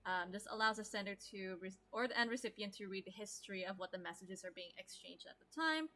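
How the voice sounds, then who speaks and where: A woman's voice: mid-range voice, quick pace, sharp tone. A woman teaching an online English class, explaining terms and asking students questions.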